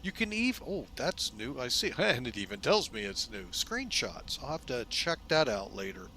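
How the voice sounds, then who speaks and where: A man hosting a flight simulator video in a casual, folksy way, relaxed and loose with lots of fillers, often speaking to viewers as folks. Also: mid-range voice, normal speed. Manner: chatty, folksy, keeps calling viewers "folks". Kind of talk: casual narrated simulator walkthrough.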